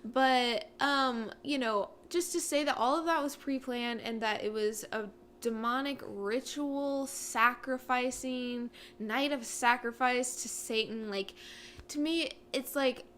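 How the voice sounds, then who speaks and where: A woman's voice: sits high, takes it slowly. Chatty earnest woman, faint hiss. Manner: earnest, animated, many fillers. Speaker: co-host. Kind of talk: casual chat.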